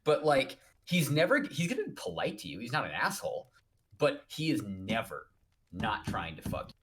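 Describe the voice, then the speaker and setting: A man's voice: medium pitch, wildly swooping pitch, normal speed, a bit bright. A man co-hosting a casual podcast, talking in a sarcastic, blunt and profane way. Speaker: podcast co-host. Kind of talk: casual chat.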